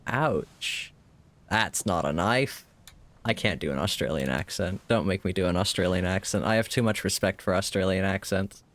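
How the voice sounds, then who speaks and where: A man's voice: sits low, brisk, hardly any pauses. A man casually commenting on a game during a live stream, joking wryly, swearing freely and talking back to the characters.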